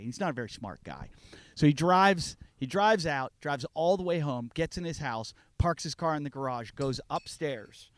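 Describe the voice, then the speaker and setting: A man in casual podcast chat, telling stories and acting out the people in them with big swings in loudness. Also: fairly high pitch, normal speed, no echo. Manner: animated, acts out quotes with swings in volume.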